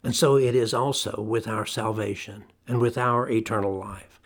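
A middle-aged man preaching a sermon, emphatic and deliberate, slowing down to stress key phrases. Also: lowish voice, fairly even intonation.

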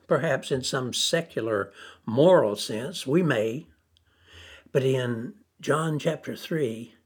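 A male preacher delivers a sermon at an unhurried, deliberate pace. His voice is slightly husky, his pitch sits in the middle, and he repeats key phrases to drive them home.

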